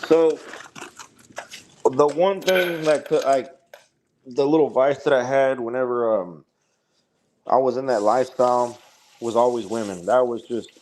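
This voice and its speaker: A man's voice: mid-range voice, darkish tone. Rambling man telling a wild story. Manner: rambling, halting, swears freely. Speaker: guest. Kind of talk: casual storytelling.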